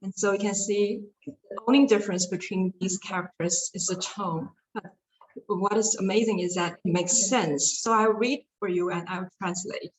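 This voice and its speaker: Woman teaching. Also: medium pitch. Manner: hesitant, many fillers and restarts, light laughs. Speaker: Chinese language teacher. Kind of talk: online lecture with slides. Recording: echoey room with faint noise.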